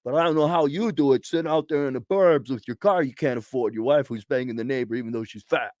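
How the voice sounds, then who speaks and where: A man's voice: mid-range voice, fast, a little mellow, dry recording, studio quality, lightly acted. A man putting on the voice of an envious, smug suburban homeowner, in a mocking, sneering impression.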